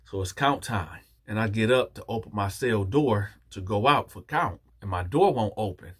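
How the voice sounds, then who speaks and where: A man telling a story on his channel in a low, husky voice. He talks casually and animatedly, speaking straight to his viewers. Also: moderate pace, few pauses. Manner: animated, addresses viewers directly.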